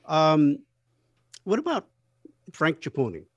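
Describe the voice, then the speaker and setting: A man hosting an interview, relaxed and chatty, with many fillers. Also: fairly high pitch, slow pace, no room sound, dull audio. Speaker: interview host. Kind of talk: casual interview chat.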